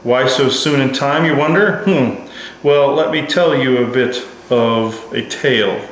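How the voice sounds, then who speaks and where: A man's voice: mid-range voice, measured pace, a little hiss or hum, natural voice. A man voicing a courteous male alien envoy who speaks with formal, old-fashioned politeness and little giggles, in a very echoey room. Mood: courtly.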